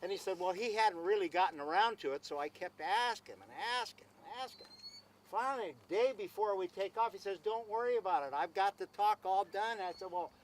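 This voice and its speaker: A man's voice: sits high, brisk, a little hiss or hum, low-quality recording. A man telling a long anecdote at an outdoor gathering, acting out both sides of a conversation and repeating himself as he goes. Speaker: speaker at a celebration. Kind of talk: storytelling speech.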